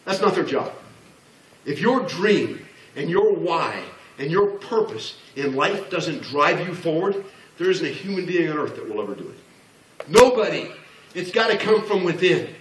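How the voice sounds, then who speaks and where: Unhurried yet full of big pitch swings, this fairly high-pitched man in his sixties gives a blunt, joking business pep talk and acts out the voices he quotes. There's a little hiss or hum, and the large hall where he addresses an audience echoes since he's far from the mic.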